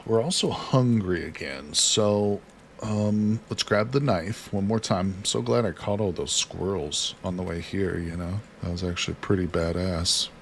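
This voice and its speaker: Speaking low and at a measured pace, a man hosts a livestream of a survival card game, with a little hiss or hum in the recording. His commentary is casual and chatty as he reads chat out loud and walks himself through every move.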